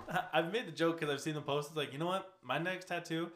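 A man's voice: on the high side, racing, hardly any pauses, fairly bright tone, slight background noise. A young man chatting casually as a podcast co-host, swearing freely and laughing often. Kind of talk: casual profane chat. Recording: echoey room.

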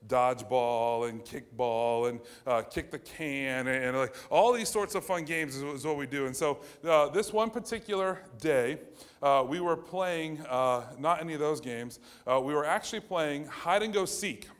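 Animated man telling a childhood story. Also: a little high, normal speed, smooth. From United States (Ohio). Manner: animated, lots of fillers and restarts. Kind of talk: personal anecdote told to an audience.

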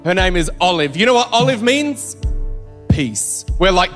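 A man with an Australian accent, preaching a sermon as a pastor in an energetic, joking, conversational way. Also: sits high, a little slow. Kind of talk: sermon with personal storytelling. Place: church auditorium. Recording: church hall reverb with soft music.

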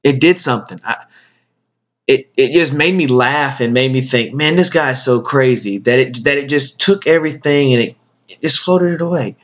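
A man hosting a podcast, speaking a casual tribute monologue in a halting way, often repeating his words. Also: medium pitch, fairly bright tone. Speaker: podcast host. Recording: dull lo-fi sound.

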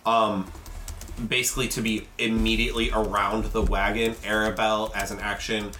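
A game master running a tabletop game in a casual, halting way with many ums. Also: mid-range voice, little pitch movement, sharp tone, a little hiss or hum.

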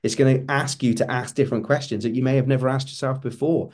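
Emphatic middle-aged coach, mellow voice. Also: male voice, medium pitch, steady tone, fast. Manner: earnest, emphatic, repeats words for stress. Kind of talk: motivational talk.

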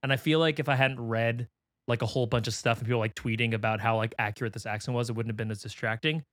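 Male podcast host, mid-pitch, dry close mic, wry and hesitant. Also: fairly even intonation, fairly bright tone, no echo. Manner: halting, hedging with fillers, wry. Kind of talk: casual chat.

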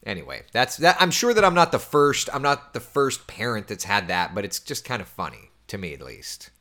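This host, a man in his thirties with a medium-pitched voice, speaks at a normal speed during a relaxed morning chat. Reading viewer comments and talking over his week, he stays lively and chatty, laughing easily and occasionally sinking to a near-whisper.

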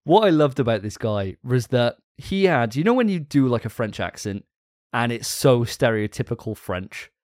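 A man's voice: mid-range voice, very animated, normal speed, a little mellow, dry recording, studio quality. A man hosting a gaming podcast in casual chat, enthusiastic and profane and laughing often. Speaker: podcast host.

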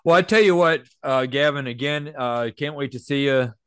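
A man co-hosts a podcast in easygoing, casual chat. He fills his talk with "uh" and "you know" as he thanks guests and sponsors. His voice is smooth and clear, and the recording is dry and close. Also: mid-range voice, normal speed, no room sound. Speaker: podcast co-host.

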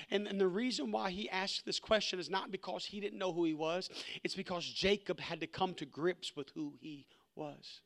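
A man preaching a sermon with a high voice. He is impassioned and repeats words as he acts out the dialogue of the story. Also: steady tone, normal speed, gravelly, fairly bright tone.

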